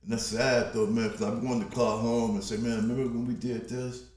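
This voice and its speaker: A man's voice: medium pitch, brisk. Profane older man telling street stories. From Compton, Los Angeles. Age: 60s. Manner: profane, animated storyteller, laughs often. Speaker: podcast guest. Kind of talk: casual storytelling. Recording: roomy echo.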